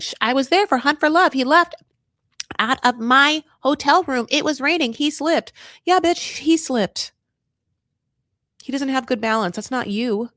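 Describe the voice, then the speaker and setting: A man's voice: vocal fry, dry recording. Sassy man with a dry, close sound. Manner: sassy and blunt, swears, acts out quotes in a higher voice. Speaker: TV recap host. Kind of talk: casual reality TV recap.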